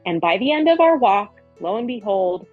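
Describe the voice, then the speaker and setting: Husky-voiced woman coaching earnestly. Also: medium pitch, big pitch swings, normal speed, phone-quality sound, soft background music. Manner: earnest, repeats phrases for emphasis. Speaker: spiritual relationship coach. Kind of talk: casual spiritual coaching talk.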